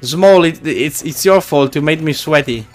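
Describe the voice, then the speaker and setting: A man's voice: fairly high pitch, normal speed, soft background music. A man streaming a game live, chatting casually and teasing his viewers in a playful way.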